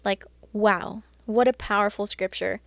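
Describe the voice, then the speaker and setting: A woman talks through a casual faith chat at a middling pitch, chatty and earnest, with lots of "like" and "you know". Her voice sits close and dry, with no room sound around it. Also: steady tone, unhurried, creaky, dry recording. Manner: earnest and encouraging. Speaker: Christian podcast host.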